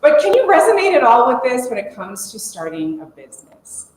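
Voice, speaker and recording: A woman in her forties telling a lively story to a conference audience, laughing as she goes. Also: sits high, fairly quick. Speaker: conference speaker. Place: conference room. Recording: echoey conference room, faint hum.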